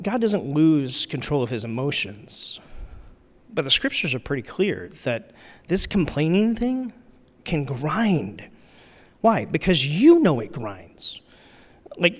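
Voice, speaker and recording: A man's voice: fairly high pitch, big pitch swings, takes it slowly. A middle-aged man, a pastor, preaching in a conversational, candid, self-deprecating way. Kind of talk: sermon. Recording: hall reverb.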